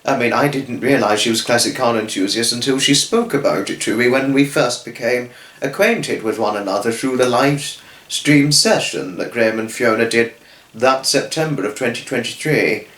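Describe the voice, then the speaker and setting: A man's voice: medium pitch, fairly bright tone, reverberant, rough recording. A man hosting his own channel, giving a rambling, effusive spoken tribute to friends, full of restarts and fillers. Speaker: channel host.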